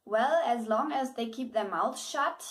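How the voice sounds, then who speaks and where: A woman's voice: on the high side, measured pace. A woman with German as her first language gives a casual spoken book review, hesitant, with many fillers, restarts and bits of laughter.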